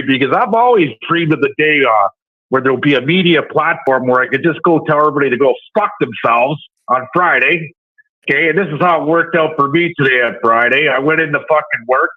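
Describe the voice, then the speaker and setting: A brash male caller with a Southern US accent rants in a profane stream. His voice is somewhat high for a man. It comes through a thin, tinny phone line. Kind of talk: profane call-in rant.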